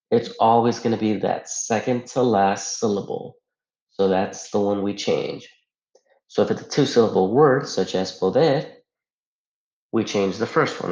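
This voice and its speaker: Low-voiced man teaching a lesson. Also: darkish tone. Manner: patient step-by-step explaining with rhetorical questions. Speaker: Spanish teacher. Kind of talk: recorded grammar lesson. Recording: echoey room, dull lo-fi sound.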